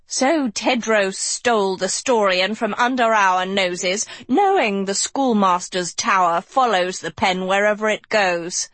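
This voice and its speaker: A woman reading an audiobook, voicing a stern, menacing female teacher who speaks in a slow, cutting, snarling way. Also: mid-range voice, a bit bright, no room sound, close to an everyday voice. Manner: slow, slashing, snarling delivery.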